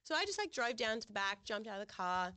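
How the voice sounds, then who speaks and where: A woman's voice: fairly high pitch, fast, clear, resonant tone, dry recording. A young adult woman, co-hosting a podcast and telling a story in casual chat. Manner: animated storytelling, swearing, frequent "like". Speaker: podcast co-host.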